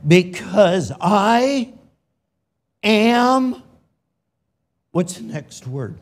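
A middle-aged man from California preaching in a high voice, slow and deliberate. He leans hard on key lines, then drops to a hushed near-whisper, and his delivery swings with emotion. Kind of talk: sermon.

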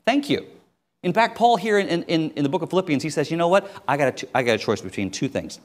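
A man preaching a sermon as a missionary, telling stories with sudden swings between loud and quiet. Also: a little high, animated, fast.

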